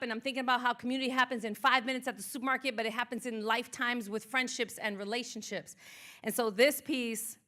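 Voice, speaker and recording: A woman's voice: fairly high pitch, pushed and bright. A woman motivational speaker performing spoken word live, leading the crowd in rhythmic, declarative affirmations. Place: art museum event space.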